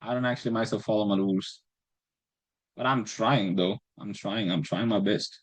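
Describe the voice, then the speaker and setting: A man with a fairly low voice walks through his trades in a loose, rambling way, cursing and putting himself down as he restarts his sentences. The recording is dry and close, with no room sound. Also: moderate pace, no room sound, low-quality recording. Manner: rambling and self-deprecating, swears freely, restarts phrases. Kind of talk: casual screen-recorded trading breakdown.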